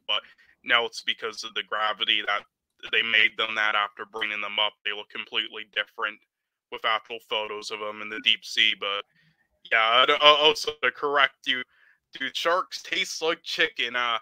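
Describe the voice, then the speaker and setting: A man co-hosting a casual podcast, talking haltingly with many fillers. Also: on the low side, level tone, sharp tone, smooth, dry recording, poor audio. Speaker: podcast co-host.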